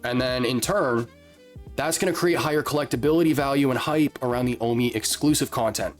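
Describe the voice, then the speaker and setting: A man's voice: mid-range voice, fairly quick. A man hosting his channel, talking casually through news and his opinions, with frequent fillers and "okay?" asides. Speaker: channel host. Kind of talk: casual commentary to camera. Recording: faint background music.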